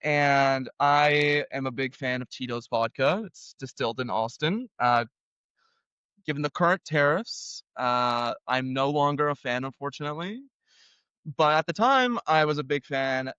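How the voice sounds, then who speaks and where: A young Canadian man telling a story casually as an interview guest, animated and acting out the voices of the people in it. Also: mid-range voice, unhurried, clear, resonant tone, no echo, dull audio. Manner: animated, acts out others' voices in quotes.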